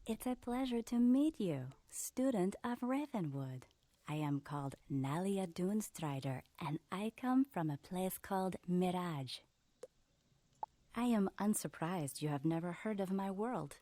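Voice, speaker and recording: Mellow, mysterious sorceress. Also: female voice, fairly low pitch, animated, slight background noise. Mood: composed. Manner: measured, formal and composed. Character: calm, mysterious female wizard from afar. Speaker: game character. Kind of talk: video game character dialogue.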